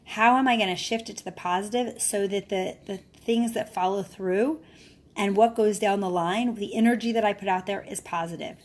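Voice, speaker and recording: A woman's voice: medium pitch, fairly even intonation, moderate pace. A mother and wellness speaker talking casually to her followers in an earnest, encouraging way, often ending phrases with a questioning "right?". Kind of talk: casual live-video talk to followers.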